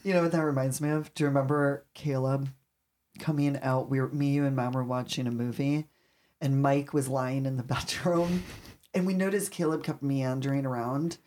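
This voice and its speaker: Woman therapist, co-host, deep voice, emphatic and animated storyteller. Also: normal speed. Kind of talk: casual podcast chat.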